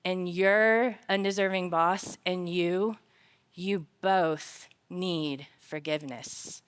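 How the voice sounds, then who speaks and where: Speaking slowly in a fairly low, clean voice, a woman gives a faith-based talk about work on a conference stage. She begins with lively personal stories told humorously, then turns earnest and reflective to draw the lesson.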